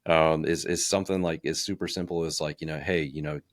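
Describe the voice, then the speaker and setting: A man's voice: a bass voice, steady tone, a little fast, no room sound, studio quality. A man in his thirties, a podcast co-host in casual chat, talking in loose runs with fillers and restarts. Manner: chatty, many fillers and restarts, acts out quotes. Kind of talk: casual podcast chat about personal branding.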